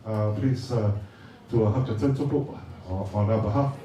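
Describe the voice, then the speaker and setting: A man's voice: fairly low pitch, normal speed, warm tone. Joking Samoan man in an echoey hall. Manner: hesitant and joking, many fillers. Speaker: speaker at a birthday party. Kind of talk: casual speech at a party. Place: large party hall. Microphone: handheld mic. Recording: echoey hall from far off, noisy.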